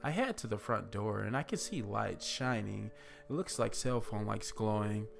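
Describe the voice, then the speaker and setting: Man, horror story narrator, gravelly, low voice, casual profane delivery, faint music underneath. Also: moderate pace. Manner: relaxed, profane, conversational. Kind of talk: casual first-person story reading.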